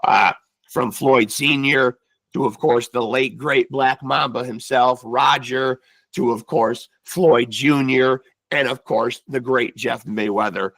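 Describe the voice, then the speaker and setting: A male boxing podcast host with a gravelly, fried edge to his voice, recorded close and dry. He talks in an effusive, rambling way, padding his lines with "man," and sounds like he is losing his voice. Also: mid-range voice, steady tone, slow pace, fairly bright tone, no room sound, low-quality recording. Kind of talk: casual interview sign-off and promo. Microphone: video call setup.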